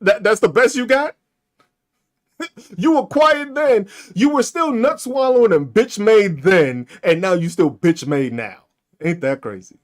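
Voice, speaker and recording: A man's voice: sits high, expressive, measured pace. A man hosting a podcast, ranting and mocking with heavy profanity and frequent laughter, speaking with features. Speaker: podcast host. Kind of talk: ranting commentary on comments.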